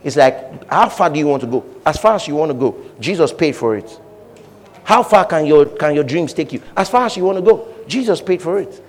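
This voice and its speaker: Male pastor, fairly high voice, lively preaching that acts out voices, echoing hall. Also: a little fast. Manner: animated preaching, acting out voices, frequent laughter. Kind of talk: sermon.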